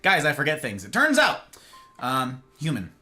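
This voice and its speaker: Picture a tired man running a live stream, chatting casually with his viewers. His voice is bright and a touch high, and it swings widely from excited squeals down to mumbled asides. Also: moderate pace, faint music behind. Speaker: live streamer greeting chat.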